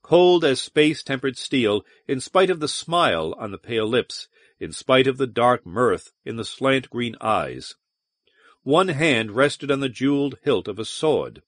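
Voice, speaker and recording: A man narrating a science fiction audiobook in an expressive, varied storytelling manner. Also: medium pitch, unhurried, dry recording, studio quality. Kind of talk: scripted narration.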